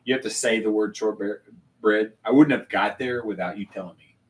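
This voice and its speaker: A man's voice: on the low side, brisk, slight background noise. A man hosting a casual whiskey tasting chat at a bar, enthusiastic and full of stammering restarts, heard from a distant mic. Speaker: host.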